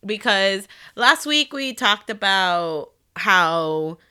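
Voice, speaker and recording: A young adult woman hosting a podcast, chatty and excitable, chatting casually with friends. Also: medium pitch, clear, resonant tone. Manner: chatty and excitable, quick to gush. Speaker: podcast host. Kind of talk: casual chat.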